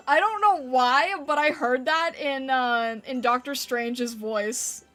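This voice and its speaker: A woman with a fairly high voice, chatting on a live stream and answering her viewers' comments in a playful, giggly way. Soft music plays quietly behind her. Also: extremely slow, long pauses. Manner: playful, giggly, reacting to chat. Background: faint background music.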